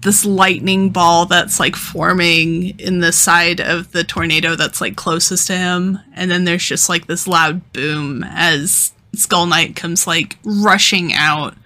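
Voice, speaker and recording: A young adult woman co-hosting a podcast, retelling a manga in casual chat with animated delivery and constant "like" fillers. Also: lowish voice, takes it slowly, hardly any pauses. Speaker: podcast co-host.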